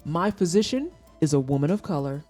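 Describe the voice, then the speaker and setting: A woman's voice: low-pitched, lively intonation, fairly quick, mellow, faint music behind. A woman in her thirties chatting casually with her stream viewers, a blunt and candid storyteller who swears freely. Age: 30s. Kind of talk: casual chat. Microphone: desk microphone for headphone listeners.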